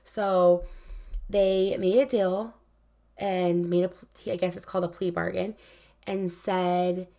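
A woman's voice: lowish voice, level tone, takes it slowly, warm tone. A woman telling a painful personal story in casual, candid speech, full of "like" fillers. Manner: frequent "like" fillers, candid and emotional.

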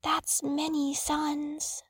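Brief: woman doing a tiny affectionate snake for an audiobook, high and hushed, drawn-out words, dry close sound. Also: no room sound. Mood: sad. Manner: soft, slow and wistful. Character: small gentle garden snake, affectionate.

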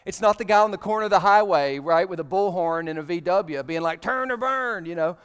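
Southern pastor, thirties, high smooth voice, jokey animated preaching, church hall echo. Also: male voice, quick pace. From Alabama. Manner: casual, joking, animated preaching. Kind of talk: sermon. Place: church sanctuary.

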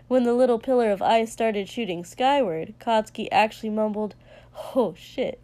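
Female narrator, mid pitch, steady storytelling read. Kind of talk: reading fan fiction aloud.

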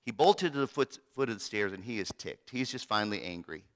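Bright-voiced preacher in a reverberant hall. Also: male voice, fairly low pitch, lively intonation, a little fast. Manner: dramatic, swings between loud and hushed. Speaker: pastor. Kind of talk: sermon.

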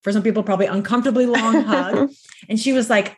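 A woman in her thirties, co-hosting a podcast, telling personal stories in an animated way with frequent laughs. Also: a little high, quick pace. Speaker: podcast co-host. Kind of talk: casual podcast chat.

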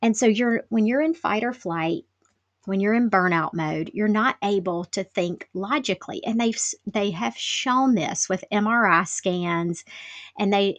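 A woman talks through her own podcast episode alone in a loose, conversational way, her voice sitting in a middle pitch. She is candid and self-deprecating. Her speech is dotted with casual "like" fillers. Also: a bit bright, no echo. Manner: chatty, lots of "like" fillers. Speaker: podcast host. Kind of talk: casual solo podcast talk.

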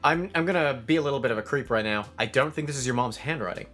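A man's voice: medium pitch, fast, faint music behind. A man co-hosting a casual podcast chat, joking and telling stories. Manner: animated, joking storyteller. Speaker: podcast co-host.

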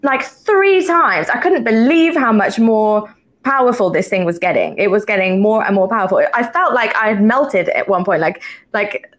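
A woman hosting a podcast, telling stories in a giggly, animated way. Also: mid-range voice, moderate pace. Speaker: podcast host. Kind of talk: casual interview chat.

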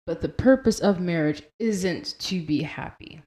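A woman's voice: lowish voice, unhurried, warm tone. A young woman hosting a Christian devotional podcast, talking earnestly and conversationally as she quotes and explains scripture, sometimes laughing at her own pronunciation. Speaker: podcast host.

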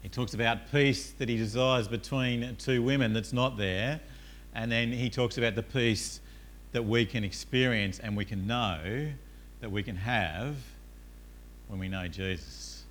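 A male pastor preaches in a church in an easy, conversational way, often pausing on "uh" and putting questions to the room. His voice sits at a middle pitch with a bright, clear tone, and a faint noise runs in the background. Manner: conversational, frequent "uh", asks the congregation questions. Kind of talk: sermon.

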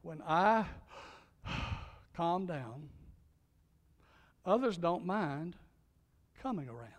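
Very slow and sing-song, with a voice leaning high, a middle-aged pastor and chaplain delivers an emphatic sermon. He asks his listeners questions and shifts between loud exhortation and hushed softness, and the large hall's long reverb carries it all.

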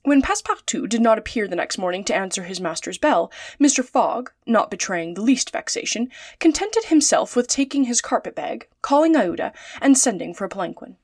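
Woman reading a story out loud, calm and steady, kinda high voice. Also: dry recording, clean studio sound. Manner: calm, measured narration. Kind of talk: storybook read-aloud.

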